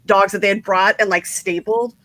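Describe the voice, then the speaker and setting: Female host, casual livestream chat, bright edgy tone, bubbly and giggly, dry close sound. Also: mid-range voice, fairly even intonation, normal speed, no room sound. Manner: bubbly, giggly storytelling with lots of "like".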